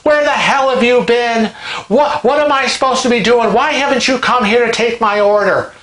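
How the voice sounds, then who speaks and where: Guy doing a furious old lady yelling at a waiter, high shrill and berating, roomy echo. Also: normal speed. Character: rude older woman diner screaming at a waiter.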